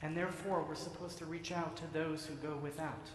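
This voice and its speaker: A man giving a sermon as rabbi in a synagogue sanctuary, telling stories in a measured way and acting out the voices. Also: on the high side, steady tone, a little hiss or hum. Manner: storytelling, acts out voices, measured. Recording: echoey sanctuary with long reverb.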